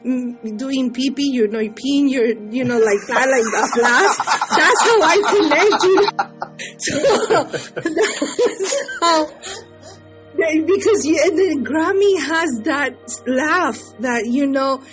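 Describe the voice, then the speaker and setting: A woman from Mexico with a very high voice chats casually as the interviewer. She laughs as she speaks, with faint music underneath. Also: takes it slowly. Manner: laughing, chatty.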